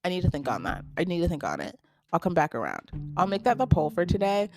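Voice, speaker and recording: A woman's voice: lowish voice, huge pitch swings, fast, over music. A woman hosting a solo podcast, chatting casually and gushing, with many "like" fillers. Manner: chatty and gushing, heavy use of "like". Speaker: podcast host.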